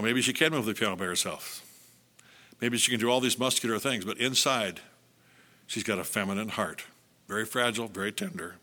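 Older male pastor, sermon delivery, animated storyteller, bright voice. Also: mid-range voice. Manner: animated storytelling, acts out quotes.

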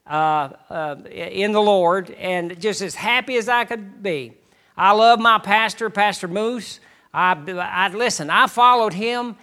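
A middle-aged man, a missionary preacher, giving a folksy personal testimony to a congregation with halting restarts. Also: high voice, bright, forceful tone.

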